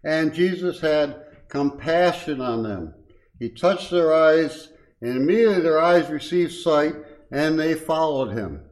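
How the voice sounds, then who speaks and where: A man's voice: on the high side, unhurried, poor audio. An older man giving a short, informal devotion at a Bible study, folksy and chuckling, with many uh's and um's and stronger emphasis when he reads scripture. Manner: folksy, chuckling asides, frequent uh and um. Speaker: lay speaker at a Bible study.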